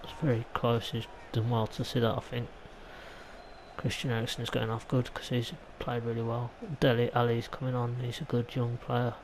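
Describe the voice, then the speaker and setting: An English gaming YouTuber commentates on his own football video game play in a mid-range voice. He's chatty and rambling, drifting into mild side remarks, and the recording is rough with slight background noise.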